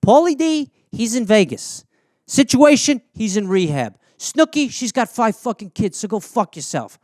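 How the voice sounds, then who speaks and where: A man's voice: high-pitched, big pitch swings, moderate pace, a little mellow, no room sound, clean studio sound. A man playing a foul-mouthed, belligerent male tough guy, in a comedy bit. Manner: swearing, threatening, belligerent.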